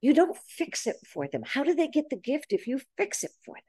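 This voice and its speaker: A woman's voice: high-pitched, a little fast, no room sound, studio quality. A woman in her seventies hosting a casual group talk, telling stories and acting out quoted lines. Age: 70s. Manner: animated storytelling, acts out quoted dialogue. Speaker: host leading a group talk. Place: boxing gym.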